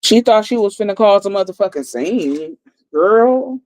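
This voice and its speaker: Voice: mid-range voice, animated, a little slow, a little mellow. A livestream host giving a blunt, profane story recap and repeating lines for emphasis.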